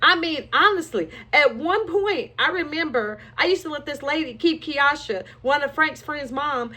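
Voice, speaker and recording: Woman w a high bright voice, opening up about her past, raw and candid. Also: lively intonation, moderate pace. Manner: emotional, frank storytelling with rueful laughs. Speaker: storyteller sharing her life. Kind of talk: candid personal testimony.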